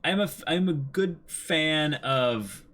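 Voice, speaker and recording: A man's voice: a little high, lively intonation, a little slow, fairly bright tone. A man co-hosting a podcast in casual chat, eager and repeating words as he starts. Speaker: podcast co-host.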